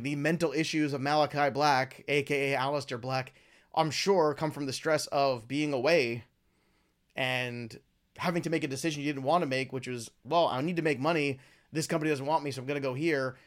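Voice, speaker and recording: A man hosting his own talk show, giving opinionated, rambling commentary with lively swings in pitch and loudness. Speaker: podcast host. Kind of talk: casual wrestling commentary.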